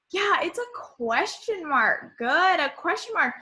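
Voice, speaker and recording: Woman, teacher, slow, patient talk to small children, computer mic at home. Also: high-pitched, very animated, pushed and bright. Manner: slow, cheerful, speaking to young children. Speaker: kindergarten teacher. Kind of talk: online summer school lesson.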